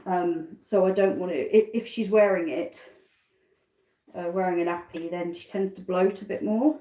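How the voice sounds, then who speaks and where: A woman's voice: fairly low pitch, fairly even intonation, normal speed, echoey room, lo-fi sound. A British woman chatting casually on a live stream from her home kitchen, rambling between tasks and asides. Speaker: backyard chicken keeper hosting a live stream.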